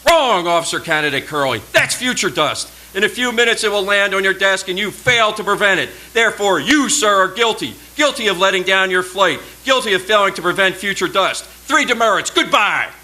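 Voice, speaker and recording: A man's voice: high voice, expressive, a little fast, hardly any pauses, pushed and bright, voice pushed up, heavily acted. A man voicing a stern, mocking male Air Force inspector who barks clipped orders in a Southern US drawl. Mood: barking, mocking.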